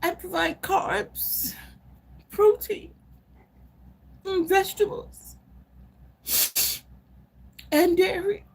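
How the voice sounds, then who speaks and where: A woman's voice: very high-pitched, fairly even intonation, drawn-out words, gravelly, long pauses, voice pushed up, full character voice. A woman voicing a distraught parent who sobs and cries out in melodramatic despair. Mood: wailing despair. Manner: melodramatic sobbing and shouting. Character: overwrought distraught parent, wailing for help.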